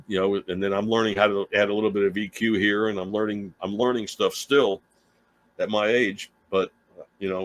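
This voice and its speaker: A man's voice: fairly low pitch, a bit bright, low-quality recording. A middle-aged man telling a story in a casual, rambling way, full of restarts and asides, speaking from a small home studio. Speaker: guitar teacher and livestream host.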